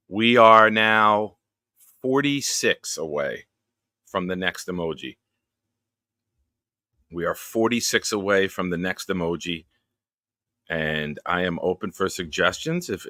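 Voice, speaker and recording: A man's voice: on the low side, pushed and bright, no echo, studio quality. A man hosting a live stream, chatting casually and greeting viewers by name in an upbeat, rambling way.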